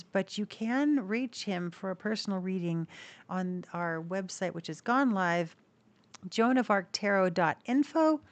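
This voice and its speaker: A woman hosting a casual tarot video, chatting to camera and cooing at her pet cockatiel in high baby talk. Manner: chatty, with restarts and soft laughs. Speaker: tarot reader and channel host.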